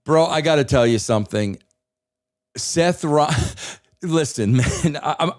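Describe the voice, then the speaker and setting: A man co-hosting a wrestling talk show, with loose, excitable banter and frequent "bro.". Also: medium pitch, moderate pace, dry recording, clean studio sound. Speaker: co-host.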